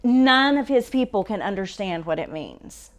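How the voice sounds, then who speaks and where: A woman's voice: medium pitch, very animated, moderate pace. A woman leading a Bible study in a casual, conversational way. She speaks in a mid-range voice, asks her listeners questions and corrects herself as she talks.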